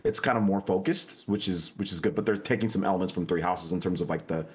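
A man co-hosting a casual gaming podcast, joking and talking with animated energy. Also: fast. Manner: animated, jokey, pitch jumps up when laughing. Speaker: podcast co-host.

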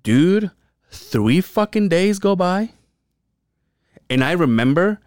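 Man around forty, podcast co-host, swearing storyteller, animated pitch, dry close sound. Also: takes it slowly, no room sound. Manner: profane, animated storyteller who acts out quotes. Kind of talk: casual storytelling chat.

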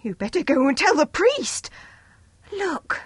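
A woman voicing a bold, nosy schoolgirl who talks in an eager, high, pushy way. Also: big pitch swings, takes it slowly, no room sound, full character voice.

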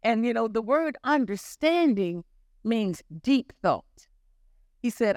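A woman's voice: on the high side, expressive, takes it slowly, darkish tone, dry recording, clean studio sound. An older woman preaching a sermon, telling her own story in an earnest, repetitive way.

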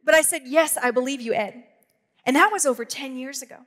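A woman in her thirties preaches a lively sermon, jumping into stories with quick humorous asides. Her voice sits high and bright, and it rings out with the long reverb of a church hall. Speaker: pastor. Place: church auditorium.

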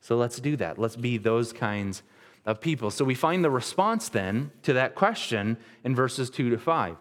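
A man's voice: medium pitch, lively intonation, normal speed, big-room sound. A man in his thirties giving a sermon as a pastor, retelling scripture in plain, conversational words with frequent restarts.

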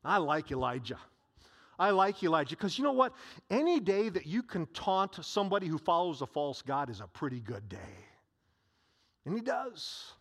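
A male pastor preaching a sermon, telling a story in an animated way with frequent restarts. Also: a little high, moderate pace.

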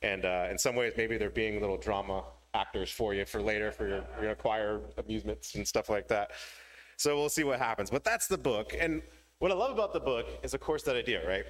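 A man's voice: fairly low pitch, expressive, brisk. A man giving a sermon to a congregation, telling a story with playful voice changes. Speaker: pastor. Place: church hall before a congregation.

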